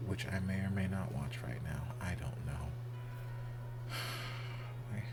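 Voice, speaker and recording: A man's voice: sits low, brisk, heavy background noise. A man hosting a reaction video, commenting candidly and expressively and swearing casually.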